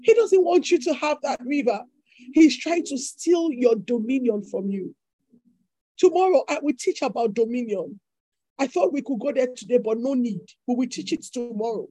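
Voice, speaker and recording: Husky, high-voiced woman preaching fervently. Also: expressive, moderate pace, warm tone, no echo, poor audio. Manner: fervent, repetitive declarations. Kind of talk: sermon.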